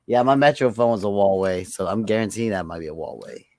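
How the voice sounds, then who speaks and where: A man's voice: fairly low pitch, lively intonation, fast, darkish tone, no echo. A man co-hosting a podcast, musing hesitantly in casual chat. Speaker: podcast co-host.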